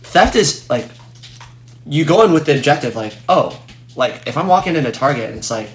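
A young man co-hosting a podcast in casual chat, rambling through animated explanations full of "like". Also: on the high side, brisk. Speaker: podcast co-host. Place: room in a home. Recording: echoey room with steady noise.

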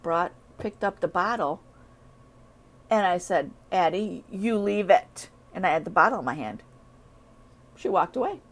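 A middle-aged woman chatting casually about training her dogs, rambling and animated as she acts out what the dogs would say. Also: fairly low pitch, moderate pace, pauses often, husky. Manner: rambling, animated storytelling with acted-out dog voices. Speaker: dog owner sharing training tips. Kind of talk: casual chat.

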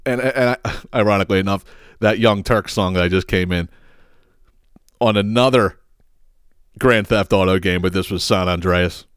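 A man's voice: deep voice, normal speed, long pauses, clear, resonant tone, no echo, clean studio sound. A middle-aged man who hosts a podcast, telling rambling, profane stories with frequent laughs and exasperation. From southeastern Pennsylvania. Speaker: podcast host. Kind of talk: casual solo podcast rant.

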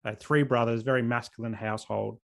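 A man in his thirties from South Australia with an Australian accent, hosting a podcast interview in an earnest, open way with halting restarts. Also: medium pitch, fairly even intonation, creaky, a bit bright. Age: 30s. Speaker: podcast host. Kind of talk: casual interview chat.

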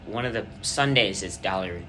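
Young male podcast host with a lowish voice, rambling storyteller, casual chat. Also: normal speed, bright, forceful tone, soft background music.

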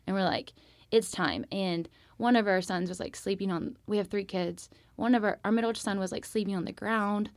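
A woman's voice: medium pitch, normal speed, no room sound. A woman in her thirties telling a personal faith story on a podcast, chatty and heartfelt, with many fillers. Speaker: podcast guest. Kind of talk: personal testimony, casual.

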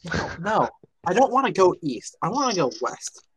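A man's voice: high-pitched, very animated, normal speed, breathy edge, no room sound, rough recording. A man from Minnesota chatting earnestly on a voice call, rambling with plenty of restarts. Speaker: chat participant. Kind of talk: casual online voice chat.

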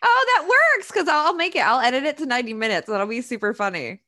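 A woman's voice: a little high, expressive, fast talker, bright, forceful tone. A woman hosting a podcast, chatting bluntly with a guest, swearing and laughing easily. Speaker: podcast host. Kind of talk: casual chat.

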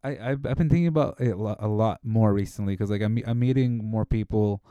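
Podcast co-host, male, low mellow voice, reflective chat delivery, dry close sound. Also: fast talker, clear, resonant tone, no echo, muffled recording. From Spanish-speaking family in the United States. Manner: thoughtful, repeats words while thinking. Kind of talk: casual chat.

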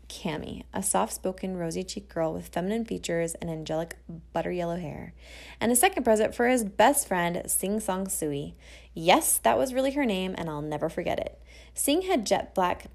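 A woman telling a personal story about her brother, playful and lively, acting out the dialogue. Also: fairly low pitch, vocal fry.

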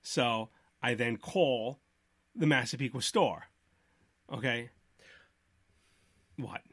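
A man's voice: mid-range voice, slow pace, a bit bright, husky, dry recording. A man hosting a podcast, telling a long story in casual chat and acting out both sides of phone calls. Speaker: podcast host.

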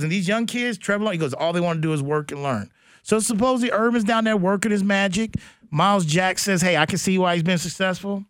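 A man hosting a sports radio show, talking in a blunt, animated, slangy way about football news. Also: sits high, dry recording, clean studio sound. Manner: animated, blunt, slangy, does mock voices. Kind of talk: casual sports talk.

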